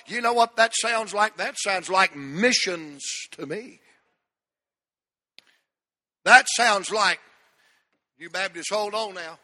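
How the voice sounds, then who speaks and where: An older male pastor preaching a revival-style sermon, climbing into shouted, repeated calls and dropping back to folksy asides. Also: sits high, normal speed. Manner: builds to shouted, repeated exhortations with folksy humor.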